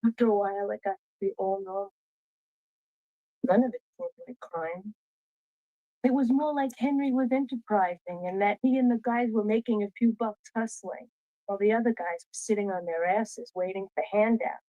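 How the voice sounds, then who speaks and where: An actress playing a mob wife who calmly narrates her past in a matter-of-fact way, heard from a dull film soundtrack. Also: mid-range voice, moderate pace, dry recording, close to an everyday voice. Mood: reflective.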